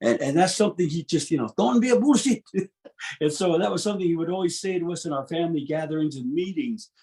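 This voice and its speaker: Speaking fast with a fairly high pitch, a fifties-aged musician guest spins interview stories. He keeps restarting his sentences, stays animated, and laughs in between.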